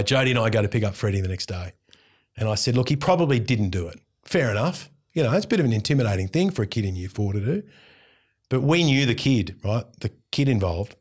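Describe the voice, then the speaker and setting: A middle-aged man with an Australian accent tells a story in casual talk, intense and lively. He slips into quoted dialogue as he goes, his voice sitting at an ordinary mid pitch. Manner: animated, intense, acts out dialogue. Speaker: radio host, interview guest.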